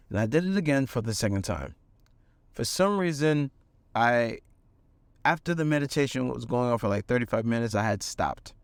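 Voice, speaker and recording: A young man earnestly telling a personal story, with fillers and animated bursts. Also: medium pitch, smooth, no room sound. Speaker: manifestation coach.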